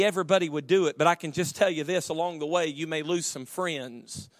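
Pastor man preaching, high bright voice, goes from hollering to hushed, dry close sound. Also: no room sound. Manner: swings from shouted preaching to quiet storytelling. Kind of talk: sermon. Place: church.

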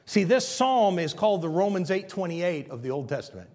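A man's voice: sits high, sing-song, fairly quick, hardly any pauses, darkish tone, in a large hall. A man pastor preaching a sermon, telling stories and emphatically repeating his key points.

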